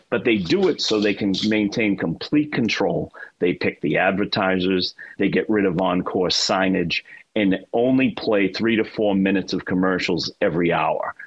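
Boston-accent sports guest, low and husky, emphatic chatty storyteller, dull lo-fi line. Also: male voice, no room sound. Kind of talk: casual radio chat.

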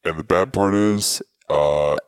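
Very deep-voiced man, hesitant. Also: smooth, no echo, studio quality. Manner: hesitant, many pauses and ums. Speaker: podcast co-host reviewing a movie. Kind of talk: casual movie review chat.

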